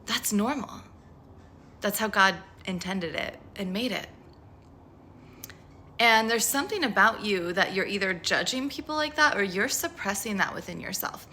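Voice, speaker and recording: A woman's voice: mid-range voice, lively intonation, normal speed, pushed and bright, slight background noise. A woman talking casually to camera about spirituality, frank and profane, rambling with lots of "like.". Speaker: spiritual tarot vlogger.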